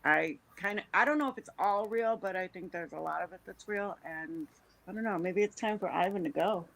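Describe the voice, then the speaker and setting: A woman's voice: fairly low pitch, brisk, creaky, a bit bright, poor audio. A woman co-hosting a casual livestream, laid-back and unsure of herself, often trailing off. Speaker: co-host.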